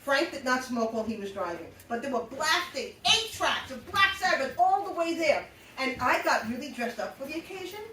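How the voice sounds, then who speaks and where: Middle-aged New woman, high and animated, live storyteller heard from a distance in an echoey room. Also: moderate pace, slight background noise. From New York. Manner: animated, laughing often, blunt and salty. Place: live show venue. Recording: roomy echo, mic at a distance.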